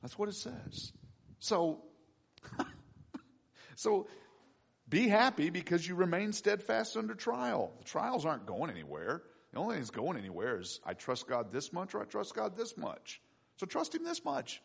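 Animated, expressive male preacher. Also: high voice, moderate pace, vocal fry, slightly rough. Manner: animated, swings between loud emphasis and quiet asides; acts out his own prayers and quoted voices. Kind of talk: sermon.

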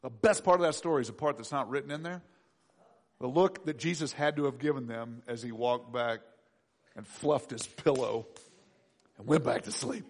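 A middle-aged man preaching a sermon, acting out voices and swinging from loud to hushed. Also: mid-range voice, normal speed. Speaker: pastor.

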